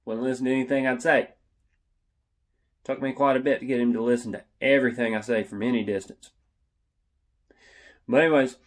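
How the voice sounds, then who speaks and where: A young man casually telling a funny story, animated and yelling out the lines he quotes. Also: medium pitch.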